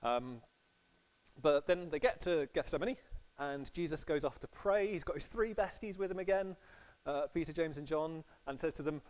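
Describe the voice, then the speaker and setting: A man's voice: a little high, normal speed, a little mellow, poor audio. A man preaching a sermon in a casual, storytelling way, acting out quotes playfully.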